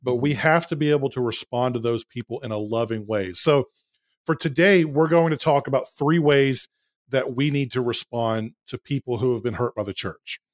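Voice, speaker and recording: A man talks about the church in a measured, earnest voice of medium pitch. The sound is dry and close, with no room echo, and his pace is deliberate. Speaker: church consultant, podcast guest. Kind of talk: measured faith podcast talk.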